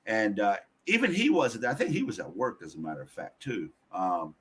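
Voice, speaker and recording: Podcast guest, male, husky voice with lively swings in pitch, blunt and profane storyteller. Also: fairly quick. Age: adult. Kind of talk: candid personal storytelling.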